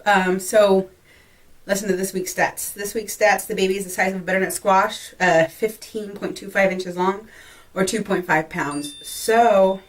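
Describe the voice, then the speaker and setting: A woman's voice: medium pitch, fairly even intonation, measured pace. A young woman from Texas chatting casually in a pregnancy vlog, laughing often, full of fillers and a little short of breath. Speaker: vlogger. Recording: voice a bit far from the mic.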